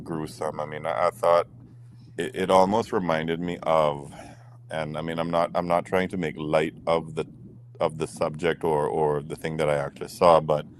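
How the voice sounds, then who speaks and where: On a late-night relationship talk show, a male co-host with a very deep voice is playful and keeps stammering and restarting. He's on the mend from a cold. Slight background noise is audible.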